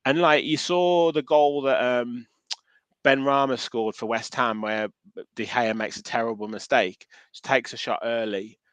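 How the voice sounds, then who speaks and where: A man's voice: mid-range voice, unhurried, smooth, no echo. A man co-hosting a football podcast in a loose, chatty way. His voice sits mid-range and often restarts his phrases. The recording is dry and close, with no room sound. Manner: animated, restarts phrases, reads out viewer comments. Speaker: podcast co-host. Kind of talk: casual football podcast chat.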